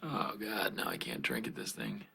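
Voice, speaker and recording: A man's voice: rumbling low, sing-song, moderate pace, gravelly, sharp tone, breathy edge, exaggerated voice. An actor playing a wry young male office worker who mutters dry asides, in a clip from a TV comedy.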